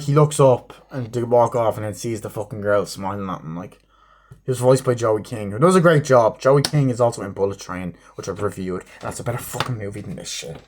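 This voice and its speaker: A man giving a rambling, profane spoken movie review, acting out scenes in quick snippets. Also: medium pitch, darkish tone.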